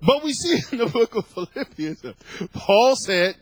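A middle-aged male pastor preaching a sermon, building to fervent shouts and repeating phrases for emphasis. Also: very high voice, sing-song, normal speed, no room sound, rough recording.

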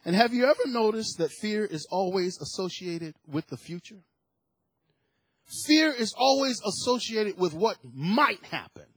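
A man's voice: high voice, expressive, measured pace, fairly bright tone, breathy edge, no room sound. A man preaching a sermon to his church, building to emphatic bursts and repeating words as he goes. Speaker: pastor.

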